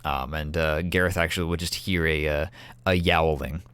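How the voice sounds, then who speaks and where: Man game master, very low voice, dry close sound, relaxed rambling narration. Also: normal speed, clean tone, dry recording. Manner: casual, filler-heavy narration with sudden loud acted shouts.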